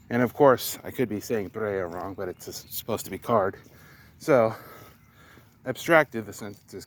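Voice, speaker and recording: A man vlogging outdoors on a path, explaining foreign phrases in a casual, hesitant way and sounding out words with care. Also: lowish voice. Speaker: vlogger learning a language. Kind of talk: casual explanation while walking.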